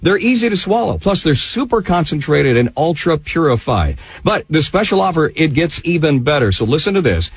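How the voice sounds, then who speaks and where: A man hosting a radio show, delivering a brisk sales pitch and reading out a number slowly. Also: sing-song, husky, no echo. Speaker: radio host.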